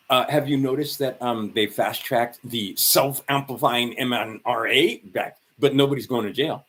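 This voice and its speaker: A man's voice: medium pitch, animated, normal speed, a bit bright, breathy edge. A man ranting sarcastically and profanely on a livestream, rambling and tired. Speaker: livestream host.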